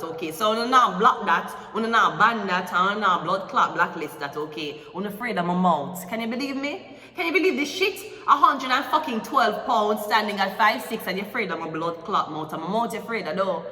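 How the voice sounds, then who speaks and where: A woman's voice: medium pitch, bright, forceful tone. A young woman with a Jamaican accent doing a tarot reading as a crude, confrontational, swearing rant. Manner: vulgar, confrontational, swears constantly. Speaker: tarot reader. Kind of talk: profane ranting tarot reading. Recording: echoey room from far off the mic.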